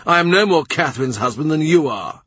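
A man voicing a volatile, powerful king who speaks forcefully and emphatically. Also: fairly high pitch, lively intonation, a little fast, husky, no room sound, pitched above the performer's own voice. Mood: commanding. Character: volatile powerful king, cold then furious.

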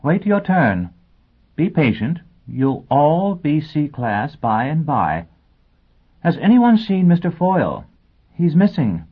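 A man's voice: sing-song, slow pace, breathy edge, exaggerated voice. A man voicing a prim, scatterbrained female teacher in an audiobook, genteel and flustered. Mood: fussy, genteel. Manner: genteel, flustered, high lilting delivery. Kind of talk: audiobook character voice. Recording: tinny phone-like sound.

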